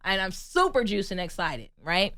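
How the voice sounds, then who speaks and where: A woman from the United States, a guest on a podcast interview, telling her story in an animated, emphatic way and laughing often. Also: medium pitch, moderate pace. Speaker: guest, actress and stunt performer.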